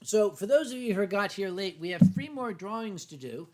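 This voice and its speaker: A man's voice: high-pitched, lively intonation, moderate pace. An American man hosting a casual livestream, reading chat messages aloud with boisterous, swearing banter. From North Carolina. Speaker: stream host.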